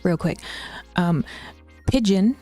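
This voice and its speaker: A woman's voice: on the low side, lively intonation, takes it slowly, warm tone, soft background music. Chatty, swearing New woman streamer. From New Zealand. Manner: chatty, swears often, drops into whispers, laughs a lot. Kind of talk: casual live-stream chat.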